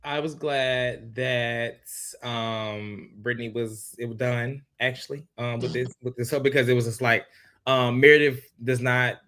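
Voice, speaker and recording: A man's voice: medium pitch, steady tone, measured pace, a bit bright. A man co-hosting a casual reality TV recap podcast, giving emphatic, rambling opinions. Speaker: podcast co-host.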